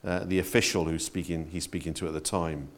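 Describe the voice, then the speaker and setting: A man preaching a sermon in a conversational, expressive way, addressing his congregation directly. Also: fairly quick. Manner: expressive, conversational preaching with wide swings in pitch and loudness.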